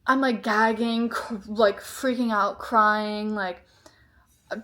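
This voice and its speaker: A woman's voice: medium pitch, fairly even intonation, slow, sharp tone. Young woman vlogger, storytime, rambling and exasperated, filler-heavy. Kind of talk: storytime vlog.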